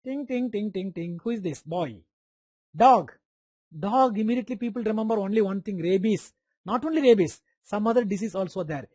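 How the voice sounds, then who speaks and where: A man's voice: sits high, lively intonation, fairly quick, darkish tone, no echo. A man with an Indian English accent giving a live online medical lecture, repeating key terms, quizzing students by name and making playful sound effects.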